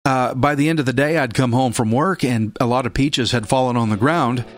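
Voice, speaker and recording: A man preaching a sermon with emphatic delivery, repeating key phrases and breaking into sudden loud bursts. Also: mid-range voice, fairly quick, faint music behind.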